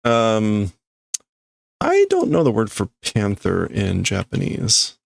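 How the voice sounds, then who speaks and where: A man's voice: lowish voice, wildly swooping pitch, slow pace, creaky, no room sound, studio quality. A man livestreaming as he reads and translates manga in a casual way, thinking aloud and often stopping to correct himself.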